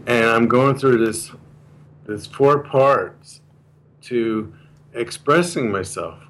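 A man's voice: medium pitch, slow pace, a bit bright, rough recording. A man being interviewed, earnestly explaining a communication method and repeating the key points in a casual chat. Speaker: guest explaining a communication course.

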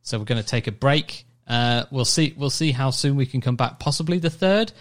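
A man's voice: medium pitch, normal speed. Chatty man hosting a casual show. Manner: chatty, excitable, cooing over fireworks. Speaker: podcast co-host. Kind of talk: casual radio-style chat.

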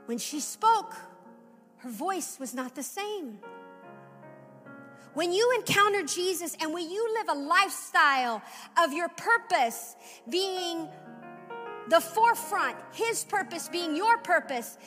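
A woman preaching a sermon in a church, building from quiet reflection to fervent exhortation. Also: very high voice, expressive, takes it slowly, long pauses, big-room sound, faint music behind. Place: church hall.

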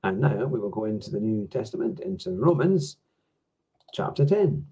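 Husky man reading scripture aloud. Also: fairly low pitch, big pitch swings, normal speed, warm tone. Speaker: Bible reader and podcast host.

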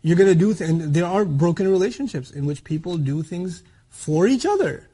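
A man teaching a religious lecture on scripture, explaining lively and acting out little scenes, often checking in with rhetorical questions. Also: high-pitched, normal speed, slightly rough. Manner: animated, explanatory, acts out quotes, asks rhetorical questions. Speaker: Quran teacher.

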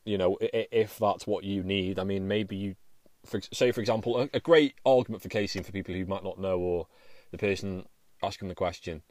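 A podcast host with a low-pitched, darkish voice talks briskly on a dry recording. He's alone on the mic, speaking casually and wandering off track, restarting often and cursing without much thought.

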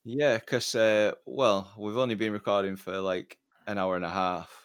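A man's voice: fairly low pitch, steady tone, moderate pace, smooth, no echo. A man co-hosting a podcast, chatting casually with hesitant, dry banter. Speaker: podcast co-host. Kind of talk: casual chat.

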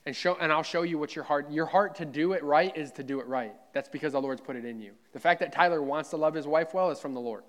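A man's voice: on the high side, fast talker, few pauses. A man preaching a sermon in a church, fervent and conversational, repeating himself and talking straight to his listeners. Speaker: pastor.

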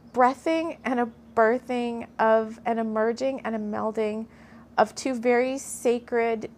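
Woman, somewhat high-pitched, middle-aged, mystical story reader, earnest, gushing, emotional asides. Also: darkish tone, slight background noise. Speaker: spiritual storyteller. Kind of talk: reading a channeled story aloud, with asides.

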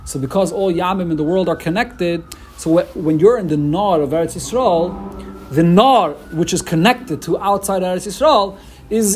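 A man giving a casual Talmud lecture, animated and emphatic, often restarting his phrases. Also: high-pitched, moderate pace, a little hiss or hum. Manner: animated, emphatic, with many restarts and Hebrew-Yiddish terms. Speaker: Talmud teacher.

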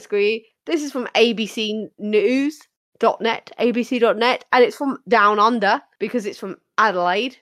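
A woman's voice: fairly high pitch, a bit bright, no echo. A British woman co-hosting a casual podcast, chatty and bubbly as she reads out light news stories and laughs often. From Britain. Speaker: podcast co-host.

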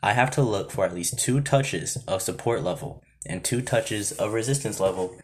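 A man explaining trading chart setups in a steady, methodical way, now and then breaking off to talk to himself. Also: fairly low pitch, normal speed, a little hiss or hum. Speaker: trading educator.

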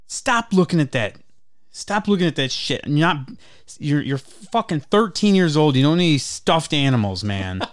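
A man imitating a furious father who swears and yells at his teenage son. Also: a little high, sing-song, slow pace, hardly any pauses, heavily acted. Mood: angry. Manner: harsh, yelling, swearing.

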